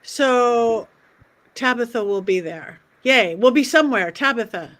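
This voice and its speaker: A chatty woman host on a video call rambles through her news and plugs. Her voice sits slightly high. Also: lively intonation, a little slow, a bit bright. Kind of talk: casual livestream chat.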